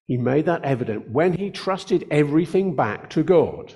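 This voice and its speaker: An older male pastor preaching an earnest sermon from the pulpit. He speaks at an easy, conversational pace and slows down deliberately to lean on the words that matter. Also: fairly high pitch, lively intonation, mellow.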